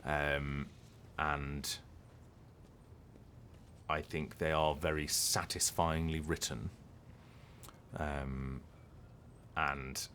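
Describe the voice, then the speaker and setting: A voice actor chatting casually on a live stream, rambling and hesitant with lots of ums and restarts. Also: male voice, very deep voice, fairly bright tone, a little hiss or hum.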